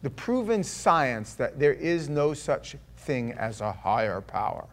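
A man's voice: mid-range voice, big pitch swings, a little slow. A man voicing a smug, condescending grown man who talks down to a child. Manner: smug, patronizing.

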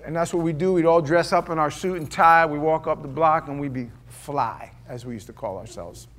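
A man preaching a sermon to a congregation, telling stories and then reading scripture aloud, swinging between loud declaiming and hushed asides. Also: on the high side. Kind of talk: sermon with personal storytelling. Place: church before a live congregation.

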